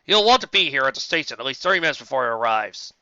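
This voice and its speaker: Casting: reader doing a weary gray-bearded stallion clerk, sharp clear voice, courteous and tired. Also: mid-range voice, very animated, fast talker, no room sound, dull audio. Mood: weary politeness. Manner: worn, tired, polite.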